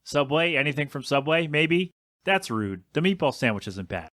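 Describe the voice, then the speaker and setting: A man's voice: a little high, very animated, moderate pace, fairly bright tone, no echo, studio quality. A young adult man hosting a casual solo podcast, rambling and complaining in an exasperated way with some swearing. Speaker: podcast host.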